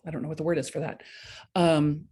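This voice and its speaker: A woman's voice: sits low, brisk, husky. A woman hosting a live coaching stream, talking bluntly and casually to viewers and acting out the voices in their heads. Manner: lively, blunt, talks straight to viewers, acts out inner voices. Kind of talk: casual motivational talk. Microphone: webcam or laptop mic for a live stream.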